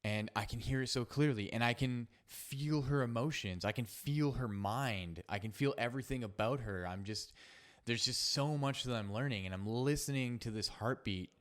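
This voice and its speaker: A man hosting a solo podcast, telling a personal story in a reflective, halting way with many fillers and restarts. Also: medium pitch. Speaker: podcast host.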